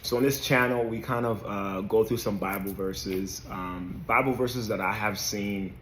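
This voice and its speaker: A man's voice: lowish voice, steady tone, a little slow, a bit bright, reverberant, a little hiss or hum. A man hosting a casual devotional talk, hesitant and dotted with "um" and "right?". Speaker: faith video host.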